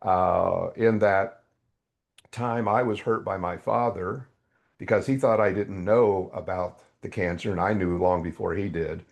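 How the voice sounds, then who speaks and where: Gravelly older man telling his story. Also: measured pace. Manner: animated storyteller, swings up in pitch when excited. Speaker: podcast guest. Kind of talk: testimony in a faith interview.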